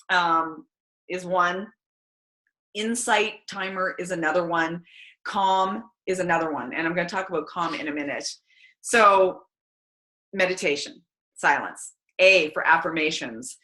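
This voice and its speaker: A chatty, energetic woman, giving a casual motivational talk to her team. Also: fairly low pitch, moderate pace. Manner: chatty and energetic, many fillers. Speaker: team call speaker. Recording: roomy echo.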